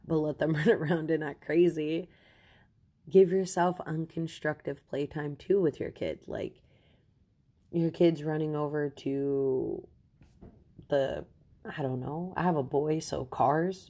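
Young mom podcaster, deep voice for a woman, rambly, laughs a lot. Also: mellow. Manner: chatty and rambling, laughs often, frank. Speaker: podcast host. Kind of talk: casual advice podcast. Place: home.

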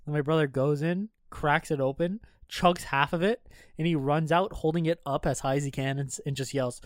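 Young man, casual profane chat, somewhat high voice, dry close sound. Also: moderate pace, no echo. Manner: profane, storytelling, laughs often.

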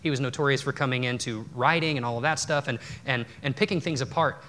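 A man's voice: mid-range voice, fast talker, pushed and bright. A man preaching a sermon in a church, talking conversationally with restarts and self-deprecating asides. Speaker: pastor. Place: church sanctuary.

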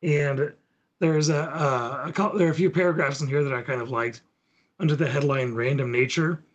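A man's voice: fairly high pitch, moderate pace, lo-fi sound. A man co-hosting a podcast, casually walking listeners through gaming material in an easygoing way. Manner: easygoing, walks through steps. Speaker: podcast co-host. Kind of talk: casual tabletop gaming chat.

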